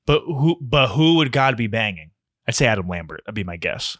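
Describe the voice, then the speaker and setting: A man's voice: mid-range voice, very animated, brisk, a bit bright, dry recording, clean studio sound. A man hosting a casual comedy video, reacting to funny shirts with rambling, crude jokes.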